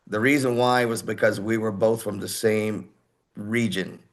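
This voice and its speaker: A man in his sixties from Houston, a heavy metal singer telling stories as an interview guest in an animated way, acting out other people's voices. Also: on the low side, a little slow. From Houston, Texas. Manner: animated, acts out quoted voices. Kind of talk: casual interview storytelling.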